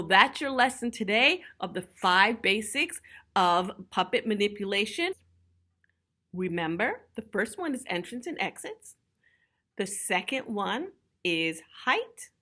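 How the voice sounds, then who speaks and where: A woman's voice: medium pitch, sharp tone. A middle-aged woman giving a puppetry lesson on video, talking in a chatty, easygoing way. She often checks in with her listeners and laughs lightly as she explains. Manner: chatty, checks in with frequent "okay?". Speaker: puppetry teacher.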